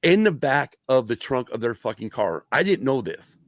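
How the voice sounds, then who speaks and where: A middle-aged man hosting a podcast, telling stories in a casual, profane, animated way with a gravelly voice. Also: medium pitch, moderate pace, no echo. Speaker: podcast host. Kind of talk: casual storytelling chat.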